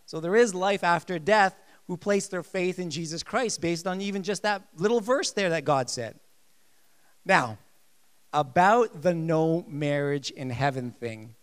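A man preaching a sermon, emphatic and lively, repeating his key phrases. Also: on the high side, measured pace, clear, resonant tone. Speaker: pastor.

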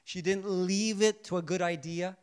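A man preaching a sermon who keeps asking his listeners questions and answering them, drawing out his key points slowly and softly. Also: high voice, fairly even intonation, clear, resonant tone. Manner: asks the congregation rhetorical questions and answers them; shifts between soft, slow emphasis and louder bursts.

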